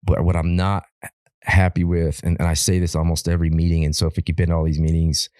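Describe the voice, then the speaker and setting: A man from Alaska, a firefighter guest on a podcast, telling stories in a rambling, animated way and swearing freely. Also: low voice, quick pace, clean tone, no echo, studio quality. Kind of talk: casual podcast conversation.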